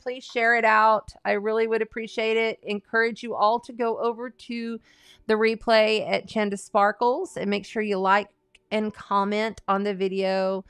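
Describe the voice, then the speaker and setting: A woman's voice: a little high, fairly bright tone, clean tone, no echo. A woman hosting a live astrology and tarot stream, talking in a chatty, rambling and folksy way. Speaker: astrology and tarot livestream host. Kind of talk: casual livestream chat.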